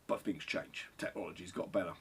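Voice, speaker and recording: A man's voice: deep voice, fairly even intonation, a little fast, vocal fry, fairly bright tone, slight background noise. A middle-aged man answering viewer questions in a casual, rambling vlog, sweary and self-deprecating. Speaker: photographer and vlogger.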